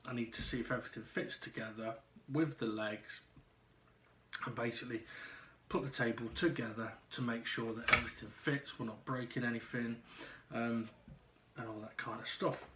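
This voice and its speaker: Man vlogging at home, out of breath, stop-start delivery full of ums, mid pitch. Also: steady tone, background noise. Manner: halting, pausing often with ums and restarts. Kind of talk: casual personal video diary.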